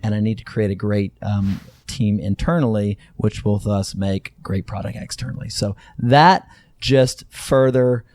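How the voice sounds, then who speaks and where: A middle-aged man from Texas talks through his story as an interview guest, circling back with frequent fillers and restarts. His voice sits low and mellow. The recording is dry and close. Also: fairly even intonation, unhurried, no echo. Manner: rambling, many fillers and restarts. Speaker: guest, company co-founder.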